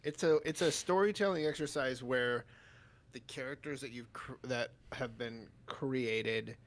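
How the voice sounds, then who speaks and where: A man with a gravelly, fry-tinged voice at an average pitch talks in a loose, rambling way. He laughs easily while he chats on a home podcast. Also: a little slow. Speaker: podcast co-host. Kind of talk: casual chat. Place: home room.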